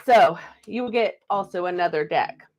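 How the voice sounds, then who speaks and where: A woman's voice: fairly low pitch, moderate pace, darkish tone. A woman hosting a live stream card reading, chatting and laughing between the messages she reads aloud. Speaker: card reader.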